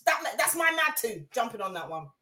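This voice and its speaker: A woman's voice: a little high, sing-song, pushed and bright, reverberant. A woman co-hosting a podcast in casual chat, eagerly jumping in with her own take. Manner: eager, chiming in with quick reactions. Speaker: podcast co-host.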